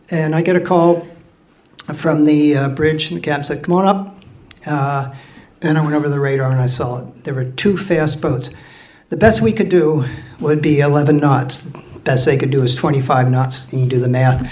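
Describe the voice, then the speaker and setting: A man's voice: a little high, darkish tone. A man in his sixties tells a story live on stage, bluntly and with some swearing, laughing through his own telling. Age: 60s. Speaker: storyteller recounting his time as a ship's officer.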